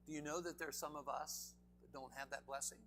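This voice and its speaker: Male preacher, bright tone, emphatic sermon, poses many questions, faint background noise. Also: a little high, fairly even intonation, a little fast. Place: church.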